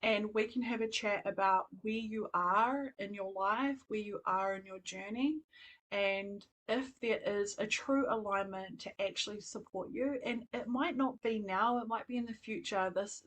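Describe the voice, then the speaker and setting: A New woman talks in a soft, earnest voice at a middling pitch. She hosts a live stream as a spiritual coach. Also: steady tone, normal speed, low-quality recording. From New Zealand.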